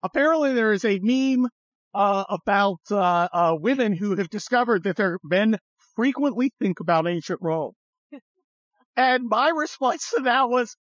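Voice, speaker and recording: A man's voice: high voice, expressive, normal speed, a bit bright, dry recording, lo-fi sound. A man hosting a podcast in casual political chat, rambling with many fillers and blunt, profane remarks. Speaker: podcast host.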